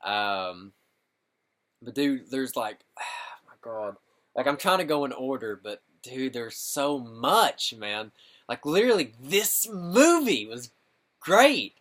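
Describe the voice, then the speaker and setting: A young man rambling excitedly through a casual film review, full of filler words and slang. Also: mid-range voice, slow. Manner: rambling, excitable, constant "dude" and "like". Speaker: gaming channel host reviewing a film.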